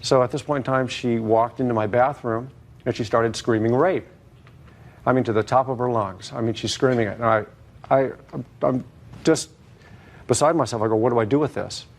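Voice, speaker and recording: A man's voice: medium pitch, moderate pace. A man giving long, hesitant testimony as a plaintiff in a TV courtroom, full of fillers and restarts.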